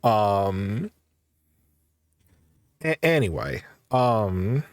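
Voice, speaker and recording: A man running a tabletop game as game master, slow and halting, with many restarts. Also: lowish voice, animated, dry recording, clean studio sound.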